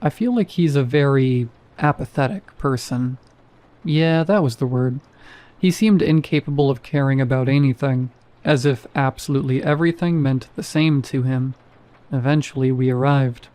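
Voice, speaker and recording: A man's voice: medium pitch, moderate pace, a little mellow. A man narrating a first-person horror story in a dry, wry manner.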